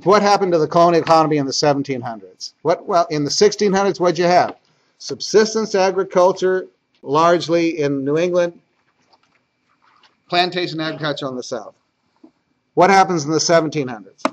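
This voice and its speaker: A man's voice: fairly high pitch, a little fast, rough recording. A man teaching a history class as lecturer, talking conversationally and repeating key points for emphasis.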